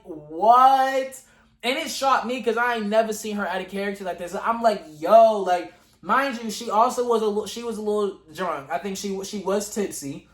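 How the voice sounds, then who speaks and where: Animated young man telling a story in an echoey room. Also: high voice. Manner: animated, dramatic retelling with slang and asides to viewers. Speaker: vlogger. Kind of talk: casual storytime to camera.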